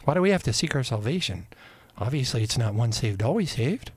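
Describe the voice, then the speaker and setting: A man's voice: medium pitch, very animated, a little fast, husky, dry recording. A man hosting a radio show, delivering a rambling, emphatic, preaching monologue full of repetition.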